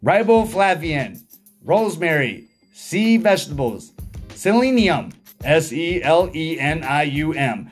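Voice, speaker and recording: A man's voice: on the high side, expressive, a little slow, faint music behind. A middle-aged man rambling casually, reading a list aloud and spelling words letter by letter, stumbling on long words and drifting into jokey personal asides. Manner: drifts into personal asides, says "you know what I mean" often.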